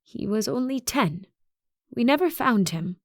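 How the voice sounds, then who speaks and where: A woman narrator voicing an elderly female school principal, speaking softly and with measured sorrow. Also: on the high side, animated, no room sound, clean studio sound, pitched above the performer's own voice. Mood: grieving. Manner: soft, measured, quietly sorrowful.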